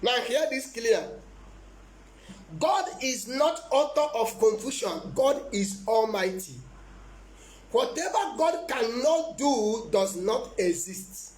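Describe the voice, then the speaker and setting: A man's voice: extremely high pitch, lively intonation, slow, reverberant. A man preaching as a prophet in a live-streamed sermon, emphatic and repetitive, often breaking into laughter.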